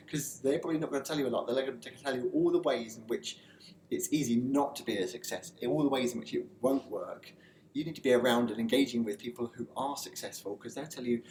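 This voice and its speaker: A man gives a motivational talk to the camera about personal development, speaking in a loose, chatty way full of fillers and restarted sentences. His pitch is ordinary and mid-range. Noticeable room echo and a faint ambient hum sit under the recording.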